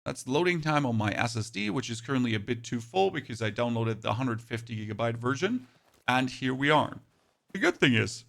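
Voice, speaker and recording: German man narrating gameplay, gravelly edge. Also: mid-range voice, fairly bright tone. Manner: enthusiastic, rapid play-by-play calls. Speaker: gaming youtuber. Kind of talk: gameplay commentary.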